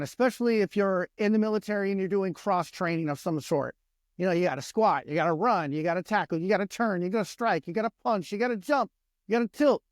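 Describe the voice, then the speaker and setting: A man's voice: high voice, no echo. An American man hosting a podcast, delivering a profane, fired-up fitness rant full of repeated exhortations. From United States. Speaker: podcast host.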